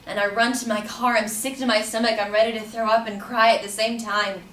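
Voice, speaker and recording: A woman's voice: a little high, fairly even intonation, brisk, a bit bright, recorded from a distance. A woman recounts a personal story, her voice carrying through a roomy space. She speaks from a little way off the mic with faint noise behind her, shifting into livelier tones when she quotes people. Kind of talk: personal story told to an audience.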